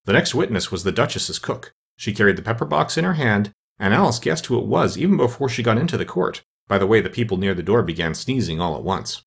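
Husky, expressive male storyteller. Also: lowish voice, fast talker, hardly any pauses. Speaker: narrator. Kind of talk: audiobook narration.

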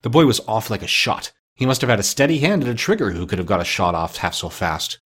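Husky, lively male storyteller. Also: lowish voice, fast. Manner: lively, expressive reading. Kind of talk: storybook narration.

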